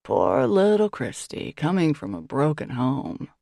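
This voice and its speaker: A woman's voice: sits low, very animated, measured pace, vocal fry, darkish tone, no room sound, exaggerated voice. A woman doing a hungover, teasing little brother. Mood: mocking murmur. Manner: dry, teasing, mocking. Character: hungover, sardonic young man, the little brother.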